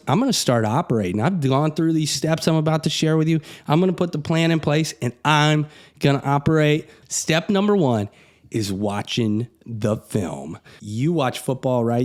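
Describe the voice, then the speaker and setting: A man's voice: on the high side, a little mellow. Blunt middle-aged man. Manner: blunt, conversational, pep-talk. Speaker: real estate broker. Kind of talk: motivational vlog talk.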